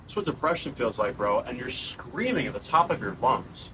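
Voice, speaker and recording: A man in his thirties with a New York accent talks straight to his viewers in a raw, unscripted monologue, earnest and casual. His voice sits at an ordinary pitch, and steady background noise runs under the recording. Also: fairly quick. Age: 30s. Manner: earnest, conversational, calls viewers bro and guys. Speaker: channel host. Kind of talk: raw personal monologue to camera.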